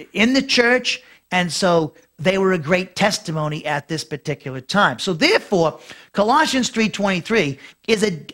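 A man's voice: sits high, a bit bright. A middle-aged male pastor giving a verse-by-verse Bible lesson, talking conversationally with frequent fillers and restarts.

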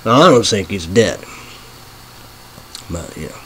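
A man's voice: fairly low pitch, lively intonation, takes it slowly, fairly bright tone, slight background noise, low-quality recording. A man hosting his own online show in casual rambling talk, full of "you know" fillers and swearing. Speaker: show host.

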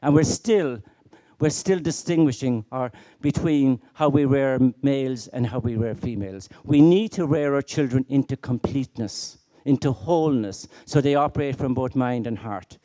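Homem irlandês em palestra enfática. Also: male voice, mid-range voice, moderate pace, hardly any pauses, mellow. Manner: rhetorical questions, emphatic, storytelling. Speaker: keynote speaker. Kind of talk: conference keynote talk.

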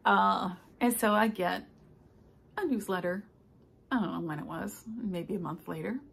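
An older woman talks through her stitching plans in a loose, rambling home chat. Her voice carries a gravelly fry, and she fills pauses with ums and asides. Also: medium pitch, a bit bright. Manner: chatty, rambling, with many fillers. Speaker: stitching vlogger. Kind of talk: casual chat. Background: household noises, clock and ice maker.

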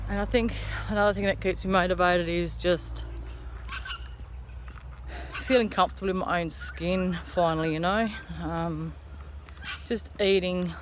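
A woman's voice: on the low side, a little hiss or hum. A woman in her thirties vlogging casually while out walking in the morning, talking encouragingly to the camera. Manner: chatty, encouraging, talks to camera. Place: outdoors on an early morning walk.

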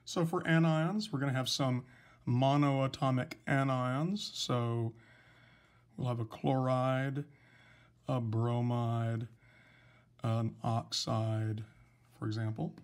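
A man teaching a recorded chemistry lesson, explaining patiently and slowly with some fillers. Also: mid-range voice, little pitch movement. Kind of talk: recorded lecture, writing examples.

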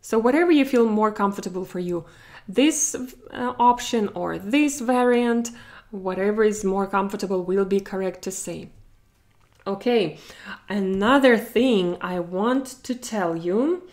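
Slow, patient woman teaching grammar. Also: medium pitch, darkish tone. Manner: slow, careful modeling of Russian example sentences. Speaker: Russian language teacher. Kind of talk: explaining grammar to learners.

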